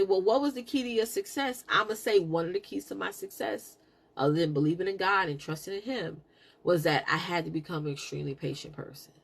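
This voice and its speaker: Brief: middle-aged woman, host on a live stream, lively and preachy storytelling, even pitch. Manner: animated, preachy, laughs a lot.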